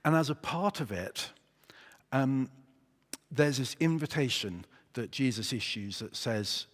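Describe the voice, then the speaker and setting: A man preaching in a church, in an easy conversational way, with pauses and a light joking touch. His voice sits at a middle pitch. A long reverb from the church hall hangs on his words. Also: lively intonation. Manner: conversational, hesitant with fillers, joking. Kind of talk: sermon.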